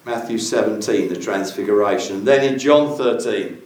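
A man's voice: on the low side, moderate pace, few pauses, a little mellow. Guy giving a sermon, earnest, asks the crowd questions, super echoey room. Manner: earnest, poses searching questions to listeners. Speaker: preacher. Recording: very echoey room, voice from far off the mic.

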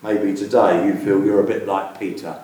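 A man's voice: sits low, little pitch movement, moderate pace, dark tone. A man preaching a sermon in an earnest way, putting searching questions to his listeners. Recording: very echoey room, voice from far off the mic.

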